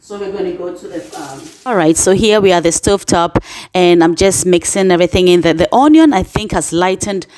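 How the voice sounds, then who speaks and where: A woman's voice: on the low side, fairly quick, darkish tone. A woman giving a casual home cooking demonstration in her kitchen, chatting and often checking in with her listeners. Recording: echoey kitchen, mic at a distance.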